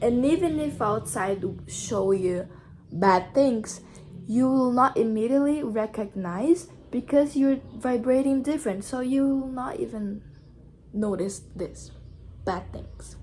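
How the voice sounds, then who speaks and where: A woman's voice: a little high, measured pace, mellow, a little hiss or hum. A woman from Brazil with a Brazilian accent, giving motivational advice to camera in an earnest, repetitive, casual way. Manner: earnest, repetitive, simple phrasing. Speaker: vlogger.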